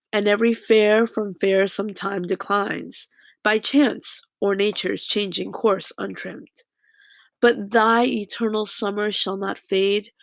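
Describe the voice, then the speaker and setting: Woman teacher reading verse with a gravelly voice. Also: mid-range voice, no echo. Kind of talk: reading a poem aloud.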